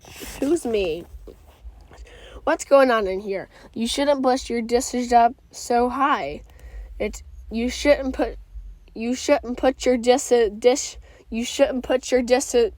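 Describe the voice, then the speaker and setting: Woman reader, higher voice, slow and halting, performs all the story's parts. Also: no echo. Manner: halting, with restarts and stumbles on words. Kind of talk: reading a comic story aloud, voicing all parts.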